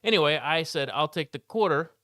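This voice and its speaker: A man's voice: on the high side, lively intonation, a little fast, a bit bright, no room sound, studio quality. A man guesting on a casual podcast, hesitant with lots of fillers, chatting about a restaurant mix-up. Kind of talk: casual chat. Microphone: studio microphone.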